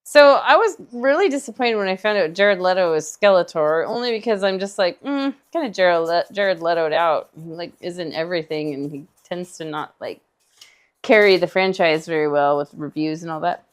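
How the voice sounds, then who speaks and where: A woman's voice: lowish voice, moderate pace, clear, resonant tone. Chatty, laughing female co-host. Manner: chatty, laughs easily, rambling asides. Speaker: co-host painting along. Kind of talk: casual chat during a painting livestream.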